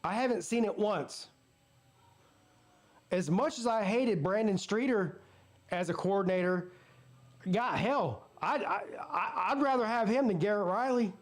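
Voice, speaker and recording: A high-pitched man talks through a live football game, calling each down and yardage. Between plays he breaks into blunt, profane rants. He keeps the loose, running commentary of a watch-party host. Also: a little slow, long pauses. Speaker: sports channel host.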